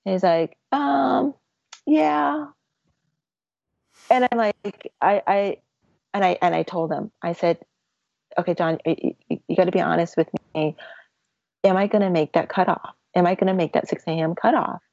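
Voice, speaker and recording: A woman telling a long personal story about a race as a guest, talking in halting bursts with many restarts and becoming tearful at times. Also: lowish voice, steady tone, a little mellow, dry recording. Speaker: ultramarathon runner guest. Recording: dry, dull lo-fi audio.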